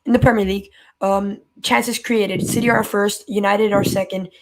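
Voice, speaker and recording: Exasperated caller with a high voice. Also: male voice, flat delivery, moderate pace. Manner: exasperated, voice jumps high when worked up. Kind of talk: ranting fan call-in.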